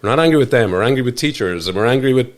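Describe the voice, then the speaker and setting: A man's voice: medium pitch, expressive, racing. An Irish man talking earnestly in a studio interview, often restarting and trailing off mid-thought. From Ireland. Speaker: podcast guest. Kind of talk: reflective conversational interview.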